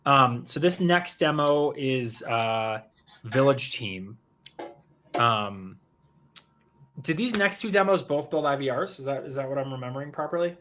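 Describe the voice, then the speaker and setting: A man's voice: medium pitch, animated, unhurried, a bit bright, a little hiss or hum. A man co-hosting a livestream in casual chat, rambling and restarting his sentences. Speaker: co-host.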